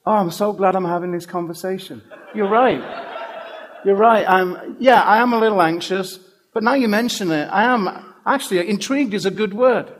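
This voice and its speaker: A man's voice: sits high, normal speed, slight background noise, close to an everyday voice. A man putting on the voice of an anxious young woman who keeps agreeing and grows elated about her new job. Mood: agreeable. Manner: eager, repeats herself, gushing.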